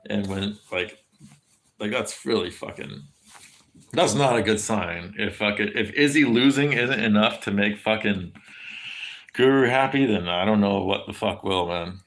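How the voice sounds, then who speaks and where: A rambling American streamer with a gravelly, fry-heavy voice sitting a little low, chatting with his audience. He talks casually, swearing freely and filling gaps with "um" and "like". His profane, meandering answers to chat questions carry the easy tone of a long stream. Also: measured pace, a bit bright. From California, USA. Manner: rambling, profane, lots of fillers.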